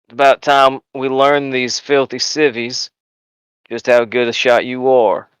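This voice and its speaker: A man voicing a gruff, blunt male army sergeant who talks with a boastful, bullying swagger. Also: medium pitch, little pitch movement, a little slow, no room sound, close to an everyday voice, rough recording.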